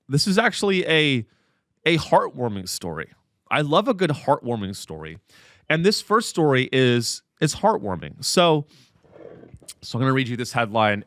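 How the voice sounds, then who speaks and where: A man's voice: medium pitch, a bit bright, no room sound, studio quality. A man hosting a podcast in a casual comedic rant, profane and rambling. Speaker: podcast host.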